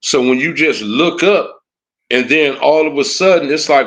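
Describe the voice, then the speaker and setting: At a moderate pace, a livestream commentator rants in a fairly bright, higher-pitched voice that's animated. His tone is heated and taunting, and he keeps repeating "huh" and "you know what I'm saying" through this casual rant.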